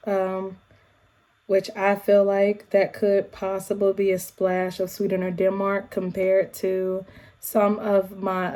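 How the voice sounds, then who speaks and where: A woman with an African American English accent talks casually to her viewers at home, mellow and warm in tone. She is animated, throwing in quick asides and shout-outs as she chats. Her pitch sits in an ordinary middle range. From United States. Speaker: YouTube vlogger. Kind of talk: casual chatty vlog.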